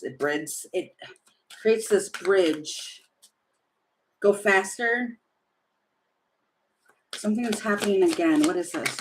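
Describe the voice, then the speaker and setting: A woman reads tarot cards in a relaxed, unhurried way and thinks aloud as she goes. She sounds giddy and keeps breaking into giggles. A faint hiss of noise sits under her voice. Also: mid-range voice, low-quality recording. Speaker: tarot reader. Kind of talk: casual tarot reading.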